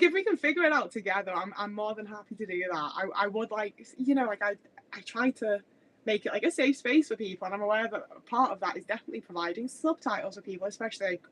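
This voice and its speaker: A Stoke-born woman in her thirties, with a Midlands accent tinged with Scouse, hosts a rambling, restart-heavy livestream from her home kitchen. Her mid-range voice is fairly bright, but the recording is rough with a little hiss or hum, since the webcam mic loses her as she moves off to cook.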